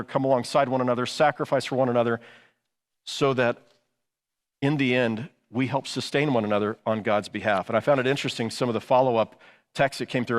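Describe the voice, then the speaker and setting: Fast-talking pastor preaching in a hall. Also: male voice, medium pitch. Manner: conversational preaching with frequent restarts and "you know". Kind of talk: sermon.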